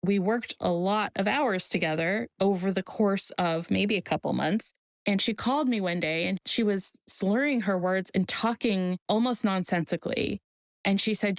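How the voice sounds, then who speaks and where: Woman, maternity care provider, podcast interview, gravelly, measured. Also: medium pitch, no room sound. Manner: measured storyteller, slow deliberate phrasing.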